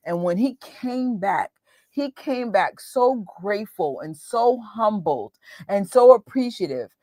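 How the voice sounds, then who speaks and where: A woman in her forties, hosting a movie watch party, talking in a chatty, animated and exclamatory way. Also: medium pitch, no echo, clean studio sound. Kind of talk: casual chat.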